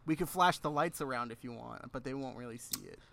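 A man's voice: medium pitch, fairly quick, gravelly, fairly bright tone, slight background noise. A man co-hosting a podcast in casual chat, laughing often and talking with animation. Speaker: podcast co-host.

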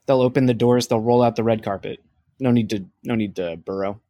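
A man's voice: mid-range voice, fairly even intonation, brisk, warm tone, no echo, clean studio sound. A man co-hosting a podcast, making wry jokes. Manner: wry, joking. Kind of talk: casual podcast chat.

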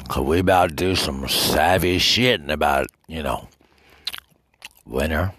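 A man with a very low, gravelly voice hosts a solo radio show. He rambles, swears constantly and mock-insults his listeners, speaking slowly with a husky edge. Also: fairly bright tone. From Detroit. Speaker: radio host.

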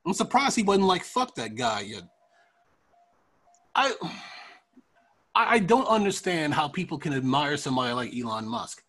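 A man hosting a podcast, giving profane, ranting political commentary in a casual, animated way. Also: on the high side, moderate pace, pauses often. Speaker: podcast host.

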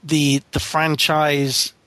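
A man's voice: a little high, flat delivery, very slow, sharp tone, dry recording. British man, young, emphatic, playful, dry close mic. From United Kingdom. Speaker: podcast co-host. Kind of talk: casual basketball chat.

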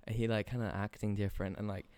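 Rambling young man, smooth low voice. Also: little pitch movement, fast talker, darkish tone, dry recording. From England. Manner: rambling, many "like" fillers, swears casually. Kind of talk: casual chat.

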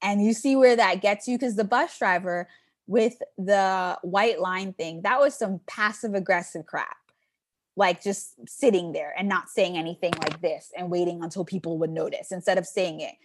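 A woman's voice: fairly low pitch, normal speed, dry recording. A young woman co-hosting a podcast, telling a story casually and acting out the people she quotes. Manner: animated storytelling, acts out quotes. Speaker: podcast co-host. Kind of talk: casual chat.

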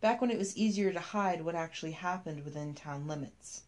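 A woman reading a scripted story aloud, telling it in a measured, even way. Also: lowish voice.

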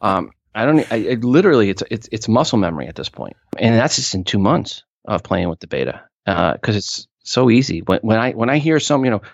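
A low, gravelly man speaks as an interview guest, explaining his points with emphasis and quick asides. The sound is a touch dull and lo-fi. It is dry, with no room echo. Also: animated. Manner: emphatic, quick asides, repeats words when restarting. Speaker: podcast industry expert guest. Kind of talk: conversational interview answers.

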